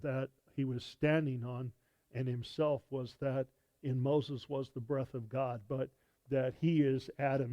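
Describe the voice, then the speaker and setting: A male pastor teaching a sermon in a conversational way, pausing often with fillers and restarting phrases. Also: mid-range voice, mellow, dry recording, dull audio. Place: church sanctuary.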